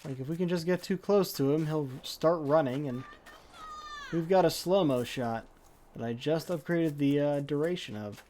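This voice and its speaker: A woman's voice: low voice, normal speed, warm tone, a little hiss or hum. A woman streaming a game live, talking to the characters in a made-up drawling accent with folksy slang, impatient and swearing. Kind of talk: live gameplay commentary.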